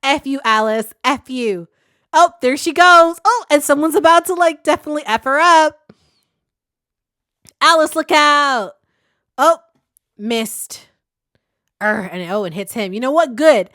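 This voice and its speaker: A young woman hosting a comic reaction video, talking casually, swearing and shouting at the story, then calmly giving advice on writing characters. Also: high voice, measured pace, long pauses, no echo, clean studio sound. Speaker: webcomic reaction host.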